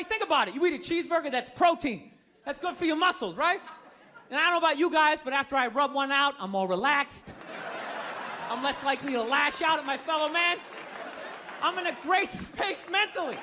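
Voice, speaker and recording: A man's voice: very high-pitched, animated, fairly quick, crowd noise, background noise. A man doing stand-up comedy, ranting in a profane, incredulous way. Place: stage before a live audience.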